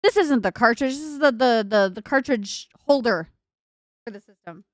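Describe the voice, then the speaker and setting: A woman's voice: a little high, lively intonation, moderate pace, no room sound. Young woman streaming at her desk, northern us accent gone a bit southern, giggles a lot, dry close sound. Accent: northern US with a Southern US tinge. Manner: giggly, laughs often, rambling self-talk. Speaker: livestreamer. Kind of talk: casual live-stream chat while building. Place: home computer desk.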